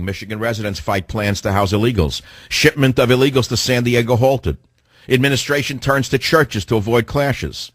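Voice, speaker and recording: A man's voice: on the high side, fairly bright tone, dry recording, clean studio sound. Ranting male talk radio host. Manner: ranting, hectoring, rhetorical questions to listeners. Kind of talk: combative political talk radio monologue.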